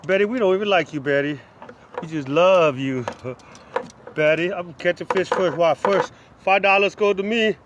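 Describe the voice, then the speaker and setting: A man's voice: high voice, moderate pace, muffled recording. Dad teasing his kid at the creek, joking around, outdoor phone vid with noisy background. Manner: teasing, trash-talking, laughs a lot. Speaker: father filming a fishing trip. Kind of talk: casual joking banter.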